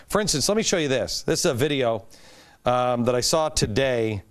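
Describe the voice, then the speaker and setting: A man's voice: medium pitch, moderate pace, smooth. A middle-aged man hosting a talk show, giving an emphatic political commentary monologue. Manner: animated, emphatic, rising to stress points.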